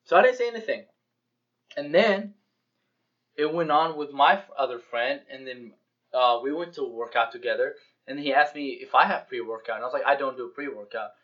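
A young man co-hosting a casual podcast, telling lively stories and acting out dialogue with plenty of swearing. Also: medium pitch, brisk. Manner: animated storyteller, acts out dialogue, swears freely. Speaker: podcast co-host. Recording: dull lo-fi podcast audio.

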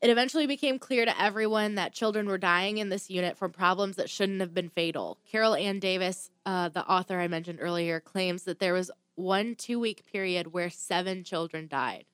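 A woman's voice: on the low side, normal speed, few pauses, fairly bright tone, clear, resonant tone, no room sound. A woman hosting a casual chat and telling a true crime story from notes, with blunt asides and the odd swear word.

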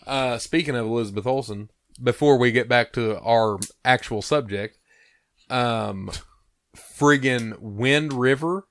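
A man in casual conversation who talks with emphatic, opinionated energy. His voice sits at a middle pitch and sounds dry and close to the mic. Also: unhurried, fairly bright tone, no room sound. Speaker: podcast co-host. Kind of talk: casual chat.

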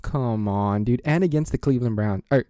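A man co-hosting a podcast, giving an excitable, rambling rant as a plaintiff in a joking mock courtroom. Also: medium pitch, moderate pace, dry recording, clean studio sound. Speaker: podcast co-host.

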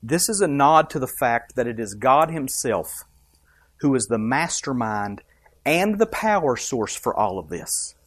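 A man's voice: mid-range voice, big pitch swings, unhurried, no echo. Emphatic preaching man, dry sound. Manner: emphatic preaching, rising and dropping for effect; asks the congregation questions. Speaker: pastor. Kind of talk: sermon.

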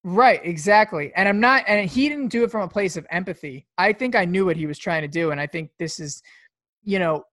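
A man's voice: sits high, brisk, fairly bright tone, no echo, studio quality. A man co-hosting a podcast, telling stories in a loose, profane way with many fillers. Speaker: podcast co-host. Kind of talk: casual podcast chat.

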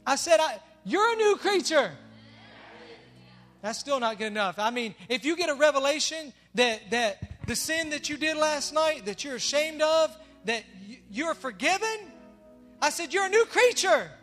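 High, bright-voiced preacher in a hall. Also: male voice, animated, normal speed. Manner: emphatic, swinging between soft asides and loud declarations. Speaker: pastor. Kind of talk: sermon. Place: church sanctuary. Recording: long reverb of a large hall, faint music.

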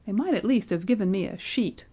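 A woman's voice: medium pitch, expressive, fairly quick, dark tone, husky. A woman voicing a querulous, complaining old man who has just been born, whining and quavering as he speaks. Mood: petulant. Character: querulous old man, newborn, whiny and demanding.

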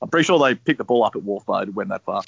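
A man's voice: fairly low pitch, lively intonation, very fast, gravelly, husky. A young man with an Australian accent, casually telling a long anecdote, laid-back and swearing freely. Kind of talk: casual storytelling. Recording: dry, slightly dull sound.

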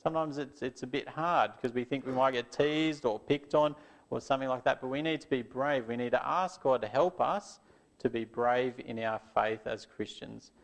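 A man telling a Bible story to children and closing in prayer, gentle and earnest. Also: medium pitch, moderate pace.

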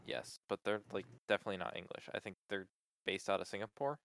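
A man's voice: low voice, steady tone, fast talker, gravelly, fairly bright tone, clean tone, dry recording, clean studio sound. A man in casual chat, venting with exasperation about a support call, swearing often and filling with "like".

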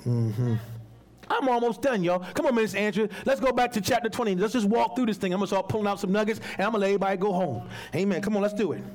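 A man in the pulpit, high-pitched and expressive, preaching in a loose, colloquial way. He slips into acted-out voices to make his points and keeps the congregation involved. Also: fast talker. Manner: teaches with props and volunteers, calls on readers. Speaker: pastor. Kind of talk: sermon.

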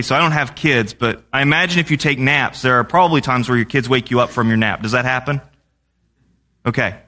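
A man's voice: medium pitch, pushed and bright. A young man preaching a sermon in a conversational way, often asking the congregation questions.

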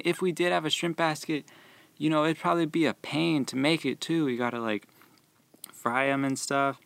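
A young man who works at a movie theater concession stand, telling rambling, animated stories about customers and laughing as he goes. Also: fairly high pitch, moderate pace, vocal fry, clean tone, no echo. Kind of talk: casual storytelling about work.

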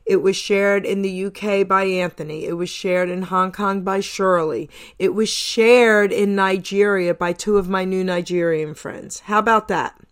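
A woman's voice: mid-range voice, steady tone, a little slow, few pauses, smooth. A woman from New Jersey hosting a radio show, interviewing a guest casually, enthusiastic and effusive, firing off several questions in a row.

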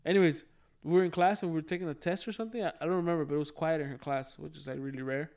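A man's voice: fairly high pitch, fairly even intonation, rapid-fire, darkish tone. A young man in casual chat, telling a school story full of swearing and laughter.

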